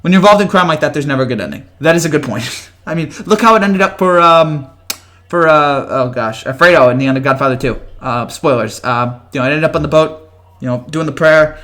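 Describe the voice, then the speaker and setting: A man with a slightly raised voice hosts a casual live chat from home. He rambles through viewer comments, restarting sentences and chuckling often, and keeps his voice low so he doesn't wake the house. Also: fairly quick. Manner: talks quietly to avoid waking family. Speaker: host.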